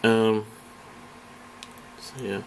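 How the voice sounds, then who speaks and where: A man's voice: fairly low pitch, monotone, very slow, darkish tone, a little hiss or hum. A man from Britain ranting in a casual vlog, profane and rambling, hesitating often. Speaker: vlogger. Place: indoors, face off camera.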